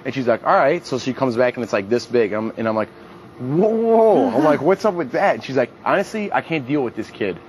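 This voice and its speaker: A young man, a reality show contestant, rattles off profane, animated stories casually, raising his voice to act out what people said. His mid-range voice moves fast with hardly any pauses. There's slight background noise and the recording is rough.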